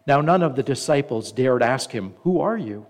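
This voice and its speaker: A pastor preaches a sermon, reading scripture aloud and slowing down for the quoted lines, pausing now and then to comment. His voice is mid-range with lively intonation.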